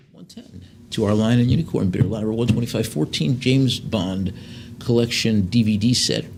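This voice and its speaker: A man working as an auctioneer in a live sale, reading out lot descriptions and then calling bids in quick runs. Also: lowish voice, a little mellow, slight background noise. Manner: fast bid calls between slower lot descriptions, with fillers.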